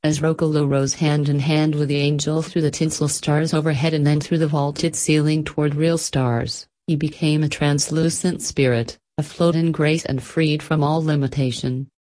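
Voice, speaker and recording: A woman narrating a storybook in a gentle, measured way. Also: deep voice, little pitch movement.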